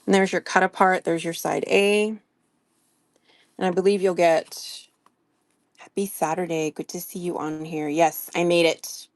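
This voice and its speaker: A woman talks slowly and warmly to her live-stream viewers, greeting them by name and gushing softly. Her voice sits a little low. The sound is dry and close, with no room around it. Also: level tone, no room sound. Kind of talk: casual live-stream product showing.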